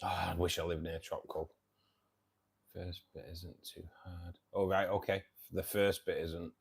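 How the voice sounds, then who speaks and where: A man's voice: low voice, little pitch movement, measured pace, slightly rough. A man hosting a casual livestream, chatting with viewers in a friendly, hesitant way, full of ums and calling people mate and buddy. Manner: hesitant, many ums and restarts. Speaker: aquarium channel host.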